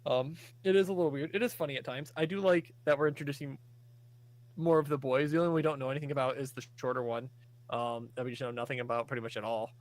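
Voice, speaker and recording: A man's voice: medium pitch, steady tone, fast, no room sound. A man co-hosting a podcast, giving a rambling, casual recap full of fillers and restarts. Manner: rambling, filler-heavy storytelling. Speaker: podcast co-host.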